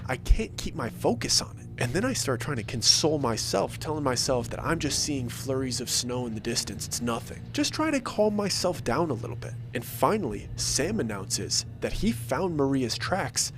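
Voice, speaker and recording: Animated man telling a scary story. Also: medium pitch, normal speed, few pauses, background noise. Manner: animated, suspenseful retelling with quoted dialogue. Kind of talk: first-person scary story narration.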